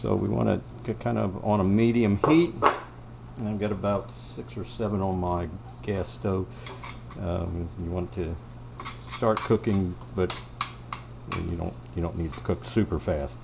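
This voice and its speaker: A man's voice: low voice, fairly even intonation, measured pace, gravelly, heavy background noise. A man giving a cooking demonstration in a home kitchen and telling a tale as he goes, in a folksy, rambling way that is full of self-corrections. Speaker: home cook.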